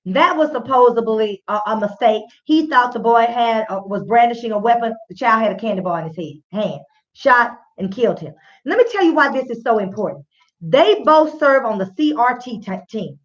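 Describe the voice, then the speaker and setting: Woman host, fairly high voice, chatty direct-address commentary, slightly muffled recording. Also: expressive, normal speed. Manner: conversational, addresses listeners directly as y'all. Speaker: radio show host. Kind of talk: casual spoken commentary. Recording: slightly dull lo-fi sound.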